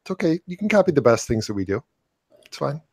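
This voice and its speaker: A man's voice: on the high side, big pitch swings, fast talker, a little mellow, breathy edge, no room sound. A man co-hosting a sports podcast, trading dry, teasing banter and reading out the show's plugs. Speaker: podcast co-host. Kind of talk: casual sports chat and show plugs.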